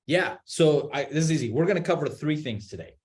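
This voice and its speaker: A man on a video call webinar, explaining real estate marketing in an animated way, with many restarts and repeated words. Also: a little high, a little fast. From Utah. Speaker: marketing executive guest.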